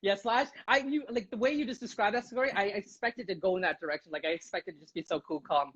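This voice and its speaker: A man interviewing a guest, keen and chatty and quick to laugh, with plenty of fillers. His voice comes through dull and lo-fi, with the highs cut away. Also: a bit bright, breathy edge. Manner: enthusiastic, laughs often, many fillers. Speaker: interviewer, host. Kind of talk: casual interview chat. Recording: dull, lo-fi sound.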